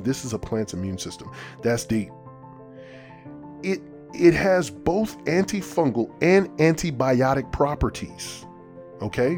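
A man hosting a podcast, explaining and telling a story in a casual way with playful, self-mocking asides. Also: mid-range voice. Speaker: podcast host.

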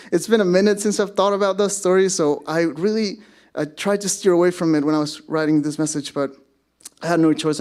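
A man's voice: a little high, darkish tone. A man in his thirties from Mexico, a pastor giving a sermon as casual storytelling with self-deprecating humor.

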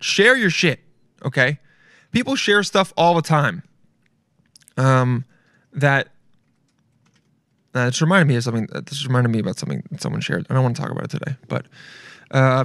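A man hosting a solo podcast in casual chat, loud and excitable, rambling and swearing freely. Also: on the high side, dry recording, clean studio sound. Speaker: podcast host.

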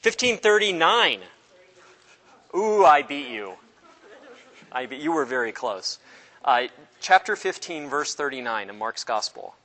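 A man teaching an informal Bible study class, animated and joking, acting out the people in the stories. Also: mid-range voice, moderate pace, in a large hall. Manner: animated, jokey, acts out voices of people in the story.

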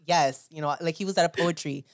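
A woman co-hosts a wrestling podcast with a slightly low voice, recorded dry and close. She tells animated stories in casual chat and acts out her family members as she goes. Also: quick pace, dry recording. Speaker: podcast co-host.

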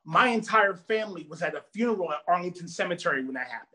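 A man from Virginia in a casual chat, telling stories in an animated, emphatic way. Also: high-pitched, fast talker. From Virginia, United States. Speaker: podcast guest.

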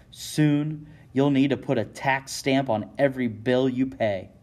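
With a mid-range, darkish voice, a man delivers dramatic scripted narration for an interactive story. He speaks in the second person, addressing the listener directly.

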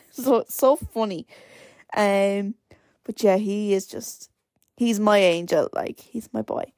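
A woman's voice: mid-range voice, takes it slowly, darkish tone, dry recording. Young irish girl podcasting, chatty n rambly, dead dry sound. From Ireland. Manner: rambling, chatty, many "like" fillers. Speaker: podcast host. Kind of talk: casual solo podcast chat.

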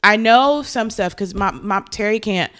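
A woman's voice: medium pitch, normal speed, a bit bright. Young woman, chatty, acts out every quote, big storyteller energy. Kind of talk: casual chat.

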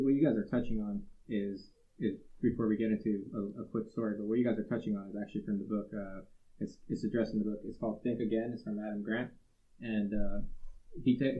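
A man's voice: fairly low pitch, narrow, tinny audio. A man co-hosting a workplace podcast, retelling a story from a book in a loose, rambling way with many fillers. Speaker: podcast co-host. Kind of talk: casual podcast discussion, storytelling.

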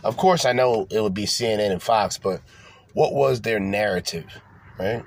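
A man's voice: on the low side, normal speed, creaky. Profane ranting podcast man. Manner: animated, profane, rambling with repeated restarts. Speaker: podcast host. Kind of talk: casual profane rant.

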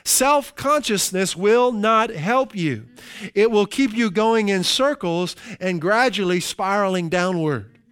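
High, smooth-voiced male pastor preaching. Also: a bit bright, no room sound. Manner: slows down for emphasis, conversational asides. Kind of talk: sermon.

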